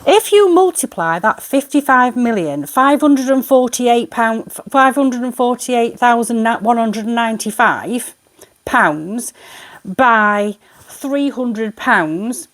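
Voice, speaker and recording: A woman's voice: fairly high pitch, expressive, slow pace. A woman, a tarot reader ranting in an exasperated, indignant vlog monologue.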